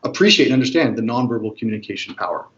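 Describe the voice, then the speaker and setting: A man speaks quickly and eagerly as the expert guest, breaking down how words, voice and looks carry a message. He tries out different ways of saying a greeting to make his point. The sound is slightly dull and lo-fi. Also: medium pitch. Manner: fast, animated, demonstrates tones of voice. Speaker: body language expert guest. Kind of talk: explanatory interview talk.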